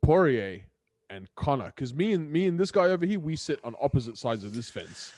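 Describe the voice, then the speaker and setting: A man's voice: mid-range voice, very animated, brisk, dark tone, dry recording. A man hosting a podcast, asking long rambling questions and laughing often. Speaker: podcast host. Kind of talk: casual podcast chat. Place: lives in Dubai.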